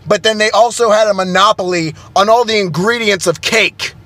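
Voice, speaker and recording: A man's voice: sits high, moderate pace, sharp tone. A young man, an IT technician, ranting in a flustered, exasperated way and stumbling over his words. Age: young adult. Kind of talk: heated vlog rant.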